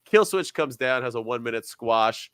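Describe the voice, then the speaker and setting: Sarcastic, animated male podcast host. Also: medium pitch, moderate pace, clean tone, dry recording. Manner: animated, sarcastic, jumps between loud and soft. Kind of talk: casual wrestling podcast chat.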